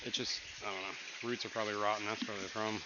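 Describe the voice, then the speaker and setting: A man's voice: fairly low pitch, little pitch movement, rapid-fire. A man chatting casually on a home livestream in his fish room, rambling with lots of fillers. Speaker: livestream co-host. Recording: dull lo-fi stream audio with room noise.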